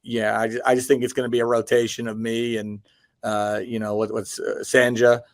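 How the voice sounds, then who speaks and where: A man from New York, a high school basketball coach, teasing the host with dry humor over a video call from his basement. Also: level tone, fairly quick, no room sound. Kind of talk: casual interview chat. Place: home basement.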